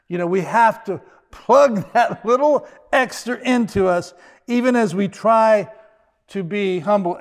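Older man, pastor, sermon, high-pitched, conversational, joking asides. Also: normal speed.

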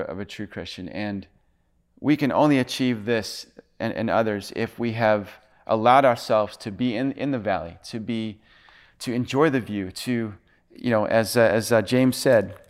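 A male pastor preaching a sermon in an earnest, halting way, often restarting his phrases. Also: on the low side.

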